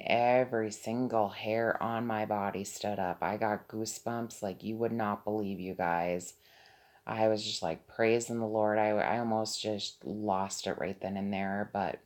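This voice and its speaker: A woman's voice: extremely low pitch, vocal fry. A middle-aged woman, owner of an assisted living home, earnestly telling her viewers a spiritual testimony in a casual way. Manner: earnest, emphatic, keeps addressing viewers directly.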